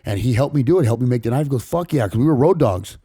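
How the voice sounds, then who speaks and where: A man from California's San Fernando Valley, a podcast guest telling a personal story in rapid, profane street talk full of restarts. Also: medium pitch, animated, mellow, breathy edge, no room sound, clean studio sound. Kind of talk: casual storytelling interview.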